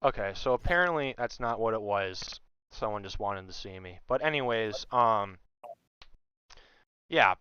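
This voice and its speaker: A young man telling a story in casual chat, animated and loudly acting out what others said. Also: on the low side, a little slow, pauses often, smooth, dry recording, lo-fi sound. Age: young adult. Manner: animated, acts out quotes loudly. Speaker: guest.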